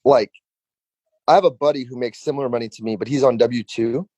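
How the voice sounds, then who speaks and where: A man's voice: medium pitch, a little fast, warm tone, slightly rough, dry recording. A man hosting a podcast in a casual, reflective way, filling his talk with "like" and "dude". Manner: laid-back, says "like" constantly, reflective. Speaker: podcast host.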